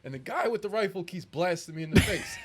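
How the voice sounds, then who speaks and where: A man chats casually as a co-host on a gaming podcast. He rambles and laughs a lot, and his voice sits slightly high. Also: sing-song, fairly quick, breathy edge.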